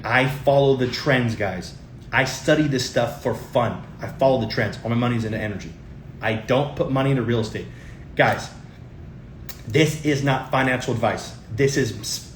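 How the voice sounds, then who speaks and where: A man's voice: mid-range voice, echoey room, slight background noise. A middle-aged man hosting a tax tips show, talking casually and emphatically to viewers and repeating his points. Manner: emphatic and repetitive, often addresses viewers as guys. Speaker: show host giving tax and investing tips. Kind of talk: casual talk to camera.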